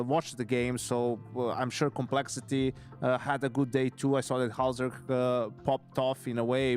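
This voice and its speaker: A man talks through his esports analysis in a mid-pitched voice, thinking aloud and padding his points with hedges. Faint music sits in the background. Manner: thinking aloud, hedging with fillers. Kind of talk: esports analysis desk chat.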